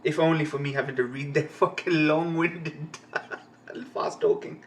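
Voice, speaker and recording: A man's voice: on the high side, steady tone, unhurried, a little hiss or hum. Profane laughing reaction streamer, man. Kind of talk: live comic-reading reaction.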